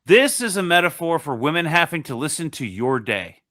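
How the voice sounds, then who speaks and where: A man co-hosting a casual comic-book discussion, talking in an animated, profane way. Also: a little high, fairly quick. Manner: animated, profane, acts out voices in bursts. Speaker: podcast co-host.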